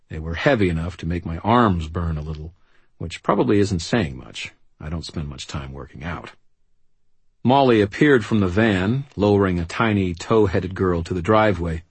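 A man's voice: low-pitched, husky, no room sound. A man giving dry, wry first-person narration for an audiobook.

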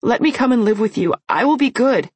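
A woman's voice: on the high side, animated, fairly quick, breathy edge, no room sound, pitched above the performer's own voice. A woman reading an audiobook voices a frightened young girl who begs and trembles. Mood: pleading. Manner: begging, trembling.

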